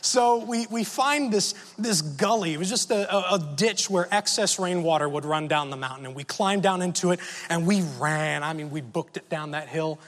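A man preaching a sermon and telling a personal story in a relaxed, conversational way, often asking the audience questions. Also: fairly high pitch, moderate pace, hardly any pauses, in a large hall.

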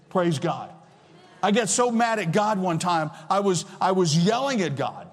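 A man's voice: sits high, expressive, moderate pace. Older male pastor preaching in a reverberant hall. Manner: emphatic, repeats key phrases. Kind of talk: sermon. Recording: long reverb of a large hall.

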